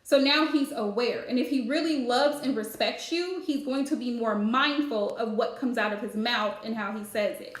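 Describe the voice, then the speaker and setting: A woman's voice: a little high, moderate pace, hardly any pauses, echoey room, slight background noise. A woman giving a live-streamed spiritual reading, chatty and advice-giving with lots of fillers. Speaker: psychic card reader.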